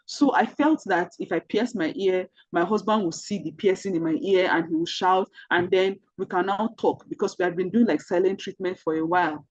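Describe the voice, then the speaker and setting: A woman's voice: fairly low pitch, normal speed, hardly any pauses, no echo, highs cut off. A woman with a Nigerian accent mentoring an online group, telling personal stories earnestly and repeating key points to drive them home. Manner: earnest, repetitive storytelling that speaks directly to listeners.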